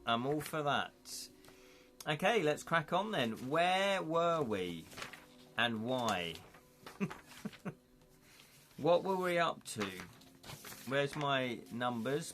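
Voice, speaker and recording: A man's voice: medium pitch, a bit bright. A man from the UK hosting a casual live-stream read-through of an adventure gamebook. He is jokey and rambling, often stops to chat, and stumbles and restarts over words as he reads aloud. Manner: jokey and rambling, breaks off the reading to chat and laugh.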